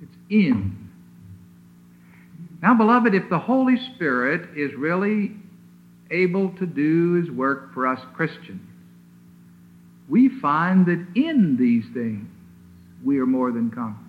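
A man preaching a sermon in an emphatic, deliberate way, leaning hard on single words, heard on a lo-fi old recording from a chapel. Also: fairly high pitch, sing-song. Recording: tinny lo-fi old sermon recording with faint hiss.

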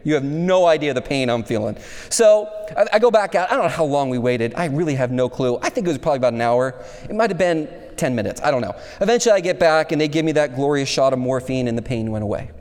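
A man's voice: mid-range voice, lively intonation, quick pace, a little mellow. A man preaching a sermon, first telling a personal story and then lecturing in a conversational way. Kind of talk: chapel sermon. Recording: long hall reverb.

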